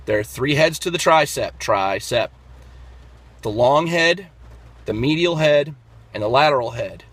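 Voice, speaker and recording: A man's voice: medium pitch, expressive, measured pace, a bit bright. A man explaining workout technique in a casual fitness vlog, talking step by step with lots of fillers and restarts. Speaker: fitness vlogger.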